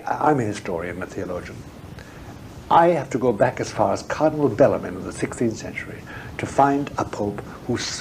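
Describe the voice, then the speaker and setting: Man, interview guest, theologian, emphatic and frank, mellow warm tone, faint hiss behind. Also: medium pitch, low-quality recording. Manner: emphatic, forthright, repeats words when pressing a point. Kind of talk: frank, discursive interview talk.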